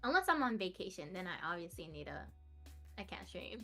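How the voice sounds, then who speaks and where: A woman's voice: fairly low pitch, sing-song, normal speed, bright, forceful tone, faint music behind. A young woman streamer chatting casually as a podcast guest, laughing often. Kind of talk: casual interview chat.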